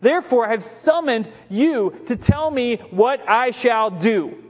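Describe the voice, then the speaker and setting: A man's voice: extremely high pitch, expressive, measured pace, heavily acted. Brief: man reading a frightened king begging for answers; anxious, pleading, long reverb. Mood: distressed. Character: desperate frightened ancient king, male.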